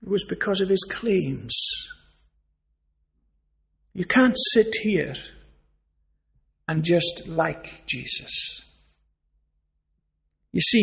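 A man's voice: fairly high pitch, creaky. A man preaching a sermon, earnest and emphatic, asking rhetorical questions.

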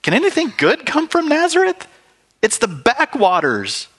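A man's voice: wildly swooping pitch, moderate pace, a bit bright, husky, heavily acted. A man mimicking an incredulous grumbling crowd. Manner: high-pitched, incredulous, mocking.

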